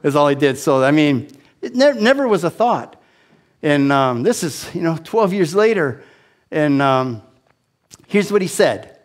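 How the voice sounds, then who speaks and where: A man in his sixties telling a personal testimony as an animated, self-deprecating storyteller with frequent restarts. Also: fairly high pitch, measured pace. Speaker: speaker giving a testimony.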